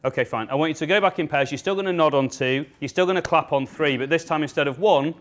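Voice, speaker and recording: A man from England leads a sales workshop in front of a live audience. His voice sits a little high, and he talks in an upbeat, joking way while giving brisk instructions to the room. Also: a bit bright. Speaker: sales trainer.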